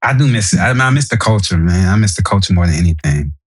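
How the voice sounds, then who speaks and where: A man's voice: low voice, fast talker, husky. Easygoing man with a New Orleans accent. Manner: easygoing storyteller, animated when telling stories. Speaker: podcast guest, Navy sailor. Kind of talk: casual podcast chat.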